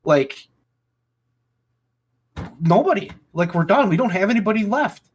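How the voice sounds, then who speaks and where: A man's voice: high-pitched, lively intonation, measured pace, slightly rough. A man hosting a casual podcast chat, ranting angrily and swearing heavily. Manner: angry ranting, heavy swearing. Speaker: podcast host.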